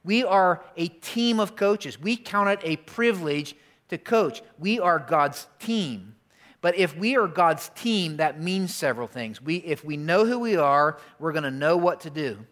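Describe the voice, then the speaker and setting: A man's voice: on the high side, fairly bright tone. A pastor preaching a sermon in a church, talking conversationally, repeating his key lines and asking the congregation questions. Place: church auditorium.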